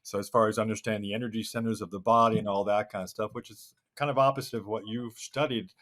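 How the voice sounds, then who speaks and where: A man's voice: lowish voice, fairly even intonation, quick pace, a bit bright. A man hosting an interview, giving short affirmations and asking long, rambling questions. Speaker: podcast host.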